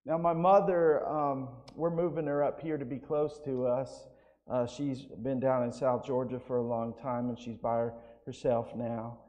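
A man's voice: medium pitch, flat delivery, unhurried, mellow. A man preaching an evangelistic sermon as pastor, telling stories and often checking in with "right?". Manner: storytelling with frequent "right?" asides. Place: church sanctuary. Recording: long hall reverb.

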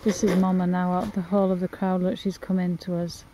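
A woman's voice: lowish voice, little pitch movement, quick pace, warm tone, slight background noise. A woman filming outdoors on a farm, speaking in an upset, apologetic way to a mother sheep, with sheep bleating behind her. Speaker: animal sanctuary owner. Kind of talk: emotional outdoor vlog.

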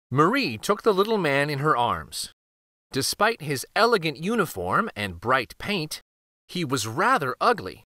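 A man hosting a children's read-aloud channel, reading a picture book in an expressive, lively storytelling way. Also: fairly high pitch, a little slow, no room sound, clean studio sound.

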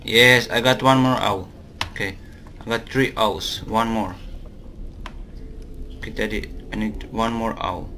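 Slow-talking man narrating a game. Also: lowish voice, steady tone, pushed and bright, a little hiss or hum. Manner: jumpy, swearing, talking to his teddy. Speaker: gaming video host. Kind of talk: let's play commentary.

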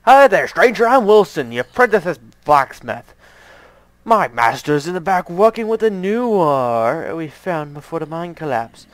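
A man voicing an excited young blacksmith's apprentice, calling out loud and high. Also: unhurried, dry recording. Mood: cheery.

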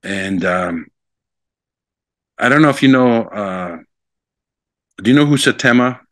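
A man from Hawaii, a guest telling stories at length, rambling and animated with many fillers. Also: mid-range voice, slow pace, no echo. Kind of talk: storytelling interview.

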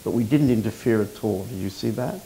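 A man, a spiritual teacher, reflecting calmly and in measured phrases during a conversation. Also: on the low side, vocal fry, a little hiss or hum, rough recording.

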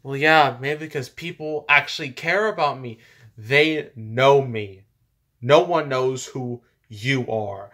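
A man's voice: medium pitch, fairly bright tone, close to an everyday voice. Mocking, blunt male wrestler, played by a man, fan parody, mid voice. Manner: mocking, lecturing put-downs.

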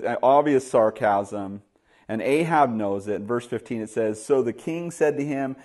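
A male pastor delivering a sermon in a fairly low voice. He tells stories and plays out the dialogue, peppering his talk with "you know", and climbs higher and louder when he drives a point home. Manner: storytelling, acts out dialogue, rises loud and high when stressing points; many fillers like "you know".

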